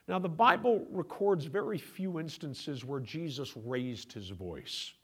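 A middle-aged pastor delivers his sermon in a slightly higher voice. He talks to the congregation as if in conversation, dropping to quiet asides and then pressing his points harder. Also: expressive, measured pace, husky. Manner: conversational preaching, shifting between quiet asides and raised emphasis.

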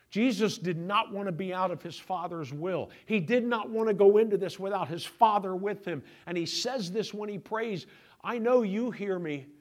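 A middle-aged male pastor preaching a sermon in a conversational way, moving between quiet asides and raised, emphatic points. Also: sits high.

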